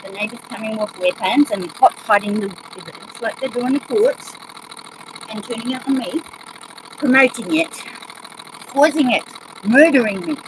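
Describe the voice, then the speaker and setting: A woman's voice: fairly high pitch, normal speed, long pauses, noisy background. A woman with a New Zealand accent, ranting agitatedly in a rambling monologue and swearing often.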